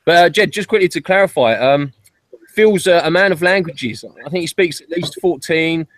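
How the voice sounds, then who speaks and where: A man's voice: on the high side, moderate pace, fairly bright tone, no room sound. A man hosting a casual group chat, talking in a reflective, rambling way with hesitant restarts. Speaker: channel host.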